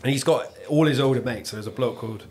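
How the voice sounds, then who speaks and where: A man with an English accent hosts a casual podcast and tells a story in an animated way. He swears freely and keeps checking in with "right?". His voice sits at an ordinary middle pitch. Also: fast talker, a little hiss or hum. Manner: swearing, animated anecdote telling. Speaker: podcast host. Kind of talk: casual chat.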